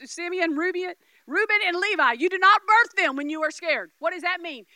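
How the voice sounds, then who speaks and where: A middle-aged woman preaches with a very high, bright voice, stressing words and doubling back on herself. She jumps from shouted lines to hushed asides. The sound is close and dry. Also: a little fast, no room sound. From Oklahoma, US. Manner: emphatic, repeats words, swings from loud shouts to quiet asides. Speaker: guest preacher. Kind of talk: Pentecostal sermon.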